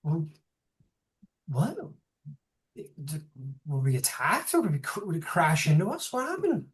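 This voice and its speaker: A game master voicing an older female elf druid who is bewildered and anxious, talking in halting, stammering restarts. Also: medium pitch, huge pitch swings. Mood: worried. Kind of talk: tabletop role-play.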